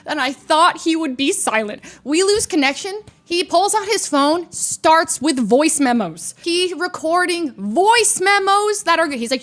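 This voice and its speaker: A young woman streamer telling a story in casual chat, animated, laughing often and loudly mimicking the people in it. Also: sits high, unhurried, hardly any pauses.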